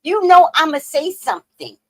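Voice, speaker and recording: A woman hosts a livestream, chatting casually with viewers and telling animated stories, laughing often and swinging between loud outbursts and hushed asides. Her voice sits high at a moderate pace, and the audio is poor.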